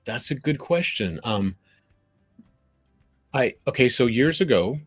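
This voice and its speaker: A man speaking as a guest on a video call, animated and storytelling, acting out the people he quotes. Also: mid-range voice, slow, husky, no room sound, faint music behind. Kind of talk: conversational storytelling.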